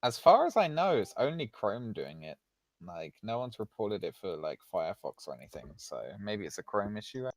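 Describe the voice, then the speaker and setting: Low-voiced man, halting, bone-dry sound. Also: sing-song, dry recording. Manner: halting, with restarts and fillers. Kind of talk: casual chat.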